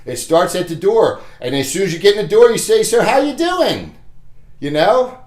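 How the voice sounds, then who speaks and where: Blunt high-voiced man giving a sales pep talk. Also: lively intonation, brisk, a little mellow, roomy sound. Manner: chuckles between points. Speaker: Medicare sales trainer. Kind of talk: casual motivational training talk.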